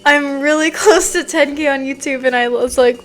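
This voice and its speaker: A woman's voice: sits high, fairly even intonation, normal speed, few pauses, over music. A woman streamer chatting casually with her chat, giggling often and talking loosely with plenty of fillers. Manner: giggly, laughs often between sentences.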